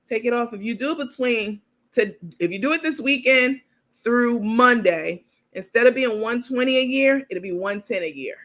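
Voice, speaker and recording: A woman's voice: on the high side, moderate pace, a bit bright. A woman hosting a live gossip commentary show, talking bluntly and profanely straight to her viewers and reading out their comments.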